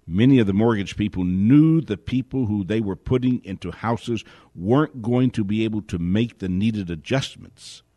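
A man's voice: medium pitch, a little mellow, dry recording, studio quality. Indignant man firing rhetorical questions. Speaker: host. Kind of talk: spoken commentary monologue.

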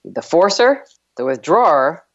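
A woman's voice: sits low, sing-song, a little slow, lo-fi sound. A woman from New York with a slight New York accent, hosting a motivational radio talk show and stressing points by repeating words.

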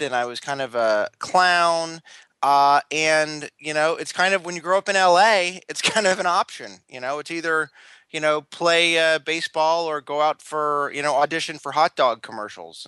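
A man's voice: a little high, sharp tone, clean tone, no echo. A man in his forties with an American accent, a guest in an interview on a remote line, talking in a wry, joking, self-deprecating way. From Los Angeles, USA. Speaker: guest, entertainment lawyer. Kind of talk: casual interview.

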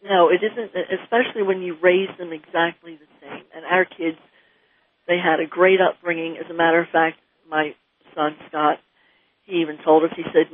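A woman in her sixties from New Jersey, a guest mother speaking earnestly and from the heart, with halting restarts, on a radio interview. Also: lowish voice, steady tone. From New Jersey, USA. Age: 60s. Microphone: telephone. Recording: tinny phone line.

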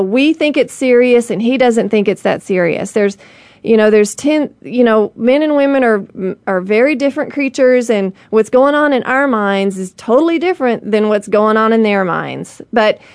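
A woman's voice: on the high side, no echo. A woman hosting a show, telling a wild personal story in a rambling, candid way full of "you know" and restarts. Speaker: show host. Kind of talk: personal storytelling monologue to an audience.

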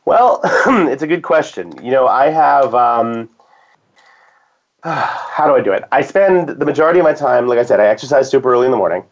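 A man's voice: medium pitch, lively intonation, fairly quick. A man talking casually as a guest, rambling with restarts and fillers. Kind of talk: casual conversation. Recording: dull lo-fi sound.

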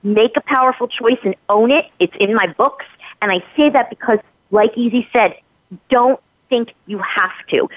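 A woman's voice: on the high side, moderate pace, no echo. Woman guest on a podcast, punchy and motivational, sounds like a thin phone line, dry. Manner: emphatic, motivational, repeats phrases for stress. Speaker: actress and guest. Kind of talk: podcast interview.

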